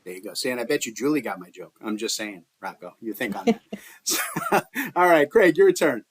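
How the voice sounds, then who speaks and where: A man's voice: medium pitch, big pitch swings, fairly quick, crowd noise. A man hosting a podcast in a jokey, playful way, laughing often as he chats with guests. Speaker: podcast host. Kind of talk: casual podcast chat.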